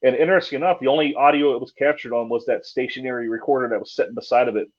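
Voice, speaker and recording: A man's voice: mid-range voice, fairly even intonation, rapid-fire. A man, a paranormal investigator, telling a story casually, with many fillers and restarts. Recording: dull lo-fi sound.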